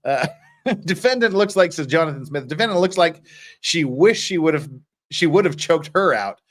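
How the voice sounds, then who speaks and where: A man with a fairly high voice hosts a loose livestream, reading out viewer comments and answering them bluntly. He swears freely and rambles, restarting his sentences as he goes. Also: animated, moderate pace. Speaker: legal commentary livestream host.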